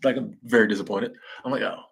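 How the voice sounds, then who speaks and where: A man's voice: mid-range voice, fairly quick, slightly rough. A young man hosting a live stream, chatting casually with viewers in slangy speech and laughing at his own jokes. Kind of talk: casual chat reading viewer comments.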